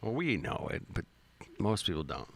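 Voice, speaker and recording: A man with a low, gravelly, creaky voice hosts a casual reaction stream. He talks in a loose, slangy way and answers the clips as they play. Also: big pitch swings, normal speed, fairly bright tone.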